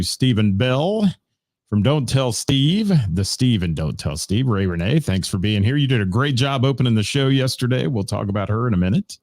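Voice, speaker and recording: Middle-aged male radio host, low voice, loose rambling delivery full of fillers, dry studio sound. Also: a little mellow, no echo. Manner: rambling, chatty, many "uh" fillers, greets viewers by name. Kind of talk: casual live-stream chat. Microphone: studio mic.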